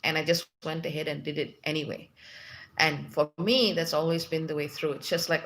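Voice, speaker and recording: A woman's voice: sits low, steady tone, normal speed, fairly bright tone. A woman hosting a spiritual livestream, chatting casually and reading out viewer comments with lots of fillers. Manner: chatty, reads comments aloud with many fillers.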